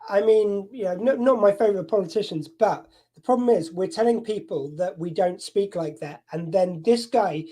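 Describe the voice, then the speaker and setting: A man's voice: sits high, normal speed, hardly any pauses, warm tone. A man from the United Kingdom, hosting a casual chat in a wry, teasing manner.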